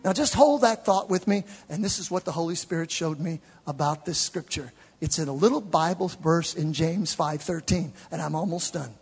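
Man, preacher, high voice, husky, shouted peaks and low asides, long hall reverb. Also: normal speed, few pauses. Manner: conversational, playful with the congregation. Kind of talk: sermon. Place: church sanctuary with live congregation.

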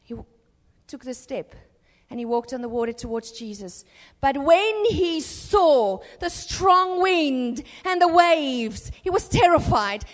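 A woman preacher giving an impassioned sermon in a church, swinging between urgent exhortation and hushed storytelling. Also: high-pitched, animated, slow, hardly any pauses, long reverb tail.

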